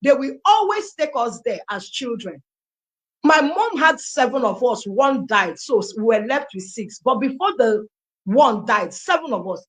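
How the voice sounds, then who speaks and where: Nigerian woman, thirties, Igbo first language, lively storyteller with a higher voice. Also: unhurried. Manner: animated storyteller, acting out dialogue. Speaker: testimony speaker. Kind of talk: personal life story told aloud.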